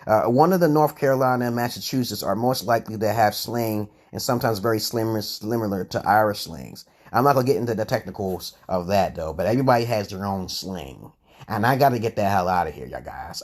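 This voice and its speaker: A man from the United States hosting a casual vlog, rambling and argumentative, stumbling over words, tagging points with "okay?" and swearing freely. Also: lowish voice. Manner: curses freely and restarts words often. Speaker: channel host answering chat comments.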